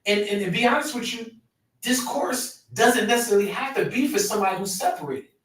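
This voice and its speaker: A man's voice: very high voice, fairly quick, fairly bright tone, distant mic. Emphatic man in an echoey room. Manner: emphatic, repeats key phrases. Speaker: podcast host, men's coach. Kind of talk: conversational coaching talk. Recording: very echoey room, voice away from mic.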